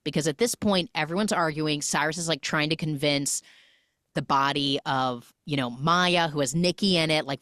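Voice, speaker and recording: Recapping a movie's story in a chatty podcast, this woman briefly performs every character's lines in fast little snippets as she goes. She has a deep, slightly bright voice, captured in clean studio sound with no room sound.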